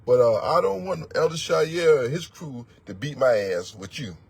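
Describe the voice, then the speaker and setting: A man's voice: mid-range voice, expressive, moderate pace, gravelly, darkish tone, slightly rough. A man voicing a sweet-talking woman who pleads with her partner in a coaxing way. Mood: pleading.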